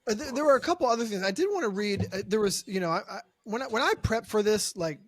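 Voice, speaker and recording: A man's voice: sits high, expressive, quick pace, no echo, clean studio sound. A man co-hosting a horror film podcast, joking around and swearing freely in casual chat. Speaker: podcast co-host.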